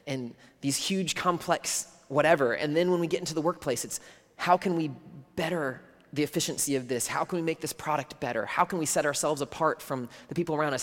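Earnest preacher in a reverberant hall. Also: male voice, a little high. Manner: earnest, conversational preaching, drops to near whisper at times. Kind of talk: sermon. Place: church hall.

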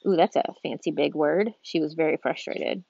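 Woman reading a kids' book out loud, stumbles and restarts, dull dry sound. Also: low-pitched, normal speed, creaky, breathy edge, no room sound. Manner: unpolished, with restarts and asides. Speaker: reader. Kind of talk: reading a children's book aloud. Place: on a street.

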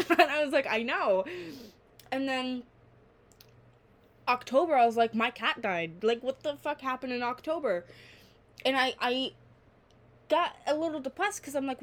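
A woman's voice: on the high side, normal speed, pauses often. A nineteen-year-old woman hosting her own podcast, chatting alone in a rambling, candid way and swearing freely. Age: late teens. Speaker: podcast host. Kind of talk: casual solo podcast chat.

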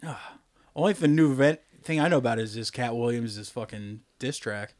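A man's voice: medium pitch, moderate pace, a little mellow. A man on a podcast with friends, joking crudely, rambling and laughing often. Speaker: podcast co-host. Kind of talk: crude casual banter.

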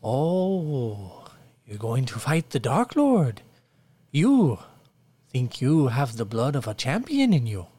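A man's voice: mid-range voice, wildly swooping pitch, slow, warm tone, husky, no room sound, exaggerated voice. A man voicing a simple-minded male peasant villager from a glitchy game world, courtly and old-fashioned, who repeats himself and speaks of himself by name. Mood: welcoming.

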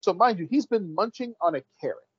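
A man's voice: sits high, expressive, fairly quick, slightly rough, no room sound. A man co-hosting a casual chat, eagerly recapping a story, swearing freely and acting out the characters' lines. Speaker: podcast co-host recapping an episode. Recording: dull lo-fi dry sound.

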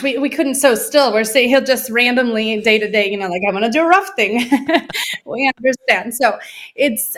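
Woman guest from the US, lively storyteller who acts out quoted dialogue, casual interview. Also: mid-range voice.

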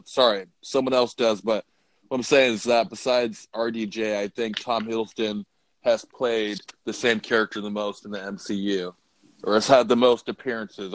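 A man's voice: fairly low pitch, no echo, low-quality recording. A man co-hosting a podcast, chatting casually, blunt and joking, swearing freely. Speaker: podcast co-host. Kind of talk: casual chat.

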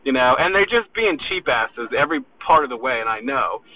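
A man's voice: mid-range voice, sing-song, fairly quick. A man selling fitness equipment delivers an aggressive, profane motivational rant, swearing constantly and sounding agitated. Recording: tinny phone-like audio.

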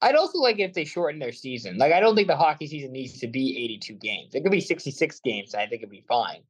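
A man's voice: fairly high pitch, very animated, quick pace, slightly rough, rough recording. A man from Canada, a guest on a sports podcast, chatting casually in a rambling, self-aware way.

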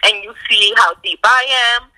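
A woman's voice: mid-range voice, normal speed, bright, forceful tone, low-quality recording. A woman with a New York accent, a podcast guest in casual chat, talking bluntly and straight to the point.

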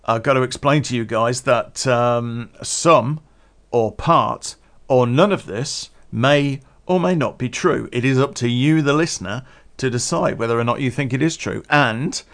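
A man's voice: medium pitch, measured pace, a bit bright. A man hosting a solo podcast, rambling in casual chat, chuckling often and swearing freely. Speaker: podcast host.

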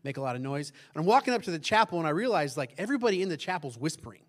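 A male pastor, preaching in a loud, conversational way that keeps asking the congregation questions and drops into hushed tones for emphasis. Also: fairly high pitch, very animated, rapid-fire. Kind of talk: conversational sermon.

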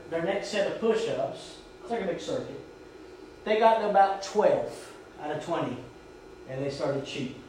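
A pastor preaches in a church sanctuary, telling a story, urging his congregation on and shouting quoted drill commands. His voice sits high with a slight hiss or hum, and the recording sounds echoey, as if captured from far back in the church.

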